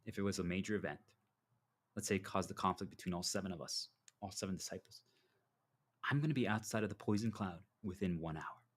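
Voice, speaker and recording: A fast-talking man with a low voice casts himself as a spiritual guide, delivering a preachy motivational monologue. He tells stories in an animated way and acts out the dialogue within them.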